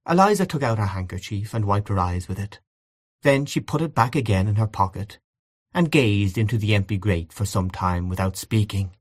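A man narrating a literary short story as an audiobook, in a measured, storytelling manner. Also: on the low side, expressive.

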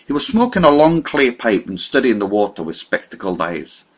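A man narrating an audiobook in a measured, vivid storytelling manner. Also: medium pitch, very animated, husky. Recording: slightly muffled lo-fi recording.

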